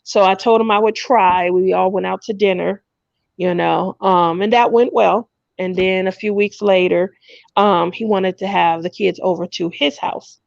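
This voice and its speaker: A woman in her thirties chatting casually, telling an animated story and acting out quotes in a higher voice, on a dull lo-fi live stream. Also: moderate pace, creaky, no echo. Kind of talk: casual chat.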